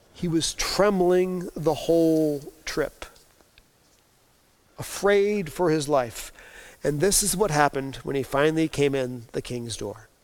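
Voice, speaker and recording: A pastor preaching a sermon, telling a Bible story and acting out the voices of its people. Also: male voice, on the high side.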